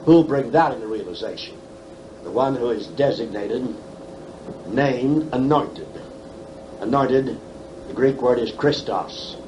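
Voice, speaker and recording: A man's voice: medium pitch, slow, pauses often. Elderly man teaching the Bible emphatically. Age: 70s. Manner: emphatic, questioning, folksy humor. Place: conference hall. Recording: faint background noise, 1979 tape.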